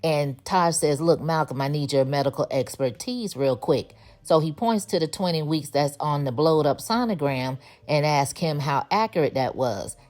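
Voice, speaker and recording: A woman with a notably low voice walks through a TV episode in a relaxed, conversational recap. She tells the story in a chatty way and drops in sassy little asides as she goes. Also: normal speed, hardly any pauses. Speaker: TV show recap reviewer. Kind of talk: casual spoken episode recap.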